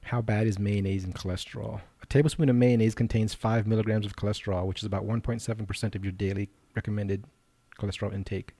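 A man co-hosting a podcast in casual banter, goading his partner and reading facts aloud flatly. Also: on the low side, fast. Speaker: podcast co-host.

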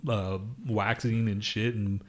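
A man's voice: fairly low pitch, little pitch movement, slow, a little hiss or hum. A young man co-hosting a podcast, telling loose, profane stories in casual chat and laughing often. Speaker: podcast co-host.

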